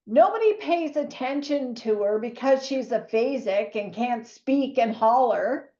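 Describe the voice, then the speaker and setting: A woman, a nurse telling a lively story to fellow nurses, acting out what others said. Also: sits high. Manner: animated storyteller who acts out quoted voices. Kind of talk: storytelling talk to an audience. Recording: echoey, slightly dull room recording.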